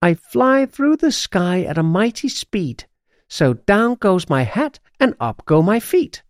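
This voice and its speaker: A woman's voice: very animated, takes it slowly, no echo, clean studio sound. A man voicing a stubborn, boastful witch in a storybook reading, giving her a bossy, impatient manner. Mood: reciting. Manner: bossy and impatient, shrill when upset.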